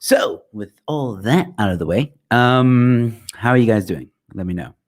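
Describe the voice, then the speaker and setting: A man's voice: mid-range voice, lively intonation, a little slow. A young man hosting a casual livestream chat, jokey and rambling as he plugs his channel, on a good microphone. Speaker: livestream host. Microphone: good quality microphone.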